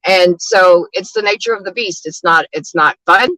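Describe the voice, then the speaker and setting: Fairly low in pitch yet bright and forceful, this woman talks at a moderate pace in a rough recording without echo. She's a street outreach advocate telling stories in casual conversation, blunt and candid, with plenty of swearing and repeated "you know what I mean."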